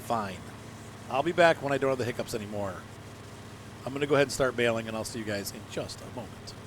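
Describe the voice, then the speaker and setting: A man's voice: medium pitch, quick pace, noisy background. A man giving casual, self-mocking commentary while playing a farming game, chatting and laughing at his own mistakes. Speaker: let's play host.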